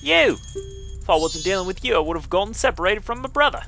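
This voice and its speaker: Dude doing a bossy fairy girl w/ fake english accent, high squeaky and swoopy. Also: very animated, quick pace, creaky, bright, forceful tone, faint music behind, exaggerated voice. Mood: indignant. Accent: put-on English. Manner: bossy, pleading, sassy. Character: sassy bossy female fairy companion.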